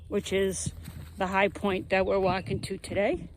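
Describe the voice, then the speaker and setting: A woman's voice: medium pitch, a little slow, slight background noise, rough recording. A woman vlogging outdoors on a mountain trail, chatty and upbeat as she tells how the hike is going. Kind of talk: casual outdoor vlog.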